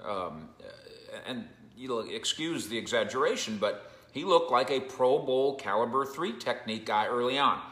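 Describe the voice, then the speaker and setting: A man's voice: medium pitch, expressive, moderate pace, fairly bright tone, roomy sound. A man giving casual sports commentary as a reporter, conversational and joking with frequent asides.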